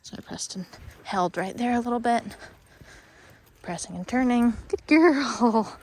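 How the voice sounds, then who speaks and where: An out-of-breath woman explains dog training step by step as she walks outside, in a steady, practical voice of middling pitch. Her sentences trail into fillers and restarts. A faint hiss stays under the voice. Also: moderate pace. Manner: explains while walking, breaks off to praise the dog in a high voice. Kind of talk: instructional training walk-through. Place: outdoors on a walk with a dog.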